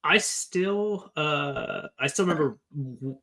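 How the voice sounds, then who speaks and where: A man's voice: on the high side, slow, pushed and bright. A man co-hosting a casual podcast, rambling with lots of fillers as he gushes about a book. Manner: rambling, filler-heavy enthusiasm. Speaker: podcast co-host. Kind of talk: casual chat.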